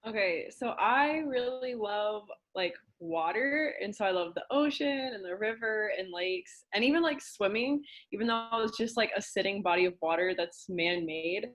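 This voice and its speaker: A young woman sharing in a faith group, speaking slowly and with enthusiasm, with many "like" fillers. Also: medium pitch, lively intonation, a bit bright. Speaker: group participant. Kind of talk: casual sharing.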